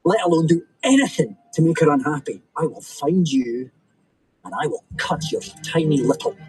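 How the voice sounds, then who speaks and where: An actor playing a police officer and father who threatens teenage boys with slow, deliberate menace. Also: on the high side, expressive, darkish tone, soft background music, close to an everyday voice, rough recording. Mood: menacing. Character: protective cop father threatening teen boys.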